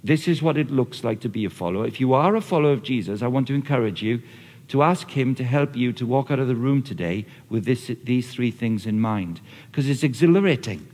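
A man preaching a lively, conversational sermon, often acting out what people say. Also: medium pitch, a little fast. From Australia or Britain, not the audience's country. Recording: long reverb of a large hall.

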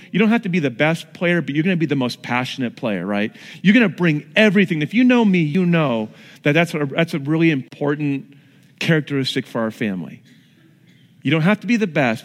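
A middle-aged male pastor delivering a sermon in a high, bright-pitched voice. His storytelling is animated, leaping upward in pitch as he acts out moments. A long hall reverb trails behind his words.

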